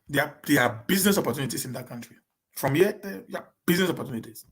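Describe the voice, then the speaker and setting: A man from Edo State, Nigeria, with a Nigerian accent and a fairly high, lively voice, chats casually with viewers on a live Q&A stream. He mixes in Pidgin English, stammers and restarts words, and deliberately talks fast so he won't get stuck.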